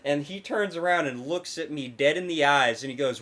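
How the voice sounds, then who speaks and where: A man's voice: on the high side, normal speed, fairly bright tone. A young man co-hosting a casual podcast, telling a story with lots of laughter and casual swearing. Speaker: podcast co-host.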